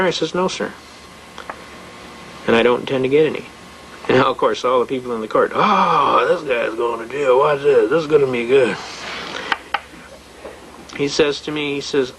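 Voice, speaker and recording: Guy talking fast, acts out the back and forth, kinda high voice. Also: a bit bright, slight background noise, poor audio. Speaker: speaker on legal rights. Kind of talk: anecdotal lecture.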